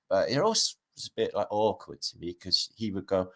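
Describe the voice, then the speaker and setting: A man's voice: deep voice, very animated, brisk. A middle-aged man, rambling and swearing through a casual livestream chat as its host. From Britain.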